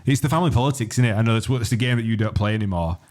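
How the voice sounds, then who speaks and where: A man's voice: lowish voice, very fast, darkish tone. A man co-hosting a casual podcast, blunt and swearing freely, laughing often. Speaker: podcast co-host. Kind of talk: casual banter.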